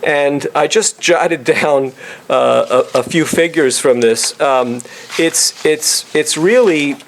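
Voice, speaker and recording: A middle-aged man with a New York accent giving a halting introductory speech to an audience, full of fillers and restarts. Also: on the high side, slight background noise. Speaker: introductory speaker.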